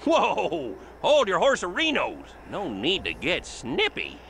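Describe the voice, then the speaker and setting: A man's voice: high-pitched, huge pitch swings, slow pace, fairly bright tone, slight background noise, exaggerated voice. A man voicing a folksy, chummy small-town sheriff in a video game, tacking a silly suffix onto his words. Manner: folksy drawl, tacks "erino" onto words. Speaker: game character.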